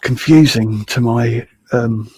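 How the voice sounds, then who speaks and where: A man in a heated online debate, talking in a halting, stammering, trolling way with a gravelly, husky voice. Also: medium pitch, darkish tone. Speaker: debate participant.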